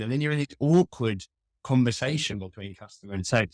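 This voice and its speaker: This podcast guest, a man who works in customer experience, speaks briskly in a medium, somewhat mellow voice. His wry, self-mocking tales come through a dry, studio-quality recording of a laid-back interview chat.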